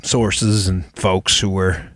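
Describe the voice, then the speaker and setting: A man's voice: deep voice, level tone, fairly bright tone, no echo. A man hosting his own talk podcast, brash and joking, bantering with his producer and reading an ad in a casual way. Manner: brash, joking, fast-talking. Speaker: podcast host. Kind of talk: casual political talk and ad read.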